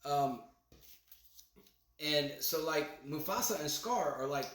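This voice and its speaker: A man's voice: fairly high pitch, lively intonation, slow, a bit bright. A man hosting his own podcast, rambling casually with loose slang and many restarts as he breaks down a movie trailer. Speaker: podcast host. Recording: echoey room.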